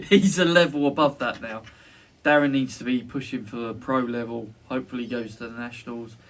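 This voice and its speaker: A podcast host with a medium-pitched, steady voice at normal speed trades casual banter. He's boisterous, joking, and sweary, recorded on a distant mic with faint noise.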